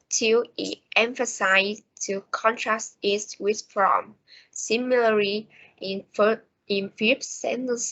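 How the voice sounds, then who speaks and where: A woman presents a pronunciation lesson at an unhurried, deliberate pace, reading from her notes. Her voice is of middling pitch and comes through a dull, lo-fi recording. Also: a bit bright. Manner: slow, careful reading of prepared notes. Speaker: student presenter.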